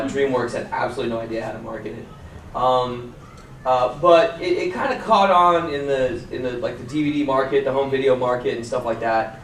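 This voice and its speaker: A man, an actor on a convention panel, telling casual anecdotes with lively impressions of fans. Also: a little hiss or hum. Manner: animated storyteller, mimics fans in high voice. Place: convention hall. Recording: roomy hall, distant mic, faint ambience.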